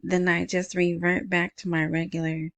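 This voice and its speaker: A woman with a soft, small voice hosting a casual solo podcast, chatting in a rambling way into a wired earbud mic. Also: lowish voice, flat delivery, normal speed, no echo. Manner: rambling, chatty, self-interrupting. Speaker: podcast host.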